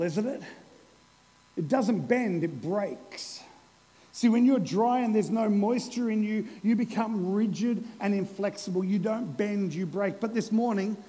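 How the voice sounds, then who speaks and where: A man preaching a lively, playful sermon to a congregation, using an object lesson. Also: high voice, long reverb tail, low-quality recording. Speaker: pastor. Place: church hall before a congregation.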